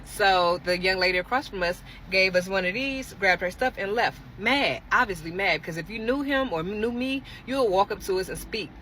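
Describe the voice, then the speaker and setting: A young adult woman casually telling a dramatic dating story straight to her viewers, animated and expressive. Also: mid-range voice, normal speed, hardly any pauses, slight background noise.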